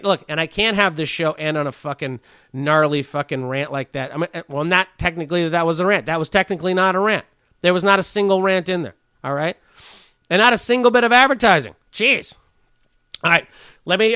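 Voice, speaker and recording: A man's voice: high voice, pushed and bright, smooth, no room sound. A man hosting a comedy podcast, ranting profanely and stumbling over words as he reads. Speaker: podcast host.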